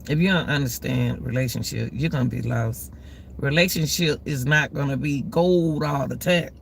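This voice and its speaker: A woman's voice: rumbling low, normal speed, gravelly, slight background noise. A woman giving relationship advice to her viewers, in a preachy, repetitive way. She drawls her key words and keeps calling her listeners "y'all.". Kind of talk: casual advice talk to viewers. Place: outdoors in the cold.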